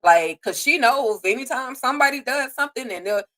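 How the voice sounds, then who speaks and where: A woman's voice: high voice, animated, brisk, a bit bright, poor audio. A woman co-hosting a casual live recap chat. She talks bluntly and expressively, cussing and laughing often. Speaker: co-host.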